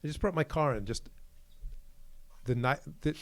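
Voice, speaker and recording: A man's voice: a little high, moderate pace, dry recording. A man co-hosting a podcast in casual chat, telling stories animatedly and acting out what people said. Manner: animated storyteller who acts out quoted exchanges. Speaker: podcast co-host.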